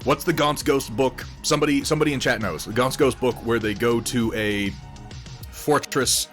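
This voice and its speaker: Rambling livestream host, male, chatty and profane, mid-pitched, faint music behind. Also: moderate pace, fairly bright tone. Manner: rambling, chatty, laughs often, swears freely. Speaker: livestream host painting miniatures. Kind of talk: casual livestream chat.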